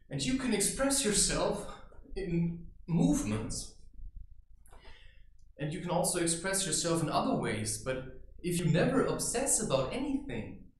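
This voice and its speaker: A man giving life advice in a loose monologue, animated, often acting out other people's voices. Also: high voice, a little hiss or hum. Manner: animated, acts out other people's voices, bursts into wild vocal sounds. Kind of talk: unscripted monologue. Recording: very echoey room.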